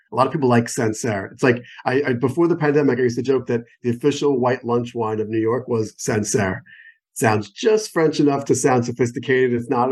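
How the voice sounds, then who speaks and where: An American man, a wine expert guest on a phone call, explaining in an enthusiastic, digressive way with many examples. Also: medium pitch. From United States. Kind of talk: conversational interview explanation.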